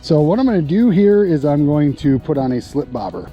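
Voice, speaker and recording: A middle-aged man hosting a fishing vlog from a boat on a lake, chatty and easily excited. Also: fairly quick, soft background music. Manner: excitable, gets loud and high when a fish bites. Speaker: fishing channel host. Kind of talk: casual fishing vlog narration.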